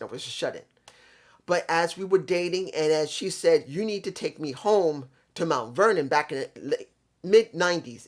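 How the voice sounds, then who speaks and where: Earnest rambling man, middle pitch. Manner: earnest, rambling, repeats himself. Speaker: vlog host. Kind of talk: casual monologue on pro wrestling.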